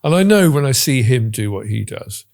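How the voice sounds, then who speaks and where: Gravelly, animated man in his sixties. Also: mid-range voice, normal speed. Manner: self-deprecating, animated storytelling. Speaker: guest. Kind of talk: casual chat.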